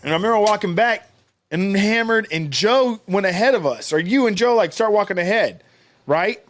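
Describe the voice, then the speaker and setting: A man's voice: sits high, animated, moderate pace. A man in his thirties co-hosting a podcast, telling a story in a rambling, profane way with lots of fillers. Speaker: podcast co-host. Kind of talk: casual storytelling chat.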